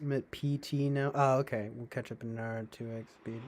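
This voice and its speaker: A man's voice: medium pitch, steady tone, brisk, darkish tone, a little hiss or hum. Sarcastic rambling male streamer. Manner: sarcastic, laughs often, trails off. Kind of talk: casual rambling livestream chat.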